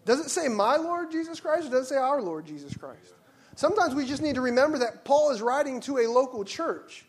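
Pastor, man, higher voice, fervent sermon delivery with hushed and loud swings. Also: animated, brisk. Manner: passionate preaching, swings from hushed to loud exclamations. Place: church sanctuary.

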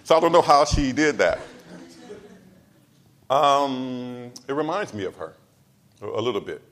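A pastor delivering a sermon, driving points home with repeated lines and swinging between loud emphasis and soft asides. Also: male voice, medium pitch, lively intonation, measured pace. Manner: casual storytelling asides.

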